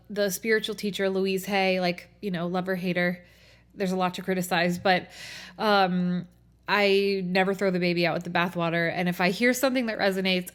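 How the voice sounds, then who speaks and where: A young adult woman talks through her thoughts on her solo podcast. Her voice sits at an ordinary middle pitch, and her speech is loose and conversational, dotted with fillers. She sounds thoughtful and unhurried. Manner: casual, thoughtful, many "like" fillers. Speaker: podcast host. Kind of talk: reflective solo podcast talk.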